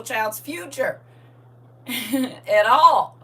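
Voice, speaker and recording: An older woman, hosting a casual live chat, laughing and swinging between soft asides and loud high bursts. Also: moderate pace, slightly rough, recorded from a distance. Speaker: host reading viewer comments.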